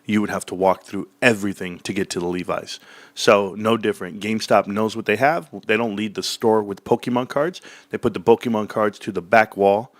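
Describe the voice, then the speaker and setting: A man hosting casual commentary, talking energetically and acting out sales pitches in quoted voices. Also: fairly even intonation, brisk, dry recording. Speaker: stock commentary host.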